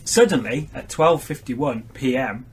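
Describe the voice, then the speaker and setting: A man's voice: mid-range voice, lively intonation, a little hiss or hum. A man co-hosting a casual podcast, reading a comic story aloud with amused, easy delivery. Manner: slow, amused, laughs readily. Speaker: co-host reading stories.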